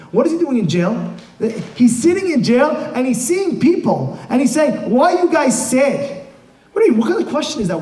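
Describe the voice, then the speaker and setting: A rabbi with a very high-pitched voice preaches to a live audience. He is emphatic, sinking into quiet asides and then rising to shouted rhetorical questions. The sound carries a strong room echo. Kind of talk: motivational sermon. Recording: echoey room.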